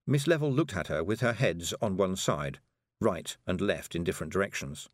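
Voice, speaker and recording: A man narrating a children's fantasy novel in an expressive, measured storytelling voice. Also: sits low, no room sound, clean studio sound. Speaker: audiobook narrator. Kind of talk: scripted narration.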